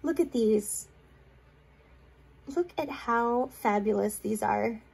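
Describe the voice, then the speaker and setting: The speaker's voice is high yet gravelly and darkish, slow-paced with a breathy edge. She's a crafting vlogger holding back tears as she shows off gifts received by mail, gushing and rambling through fillers and restarts in a casual show-and-tell.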